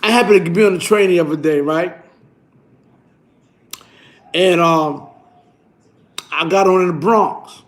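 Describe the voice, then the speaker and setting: A man telling a story on his vlog in an animated, boastful way, full of slang and repeated phrases. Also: sits high, unhurried, long pauses. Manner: slang-heavy, repetitive, boastful.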